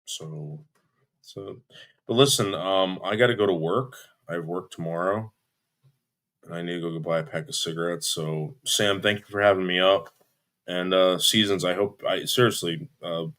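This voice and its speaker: Defensive man arguing, bright voice. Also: low-pitched. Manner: defensive, repeats himself, swears; restarts sentences often. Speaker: livestream guest. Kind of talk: heated argument on a live stream.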